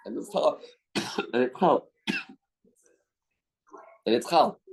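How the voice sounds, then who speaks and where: A man's voice: a little high, animated, a little slow, pauses often, poor audio. A man teaching a Talmud class as a rabbi, reasoning aloud and repeating his key questions. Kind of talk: Talmud study lecture. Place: study hall.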